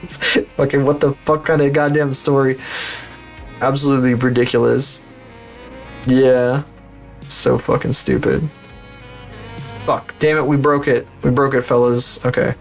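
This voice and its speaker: A man's voice: medium pitch, fairly even intonation, unhurried, pauses often, faint music behind. A man chatting casually on a livestream, rambling, swearing freely and laughing at his own stories.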